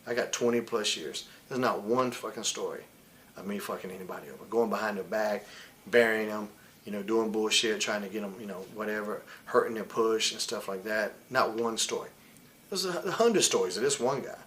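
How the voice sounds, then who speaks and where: A man with a voice on the low side talks briskly with a somewhat bright tone, against slight background noise. He's a wrestler in his forties being interviewed, sharing candid, blunt, heated stories, swearing often and voicing others in put-on imitations.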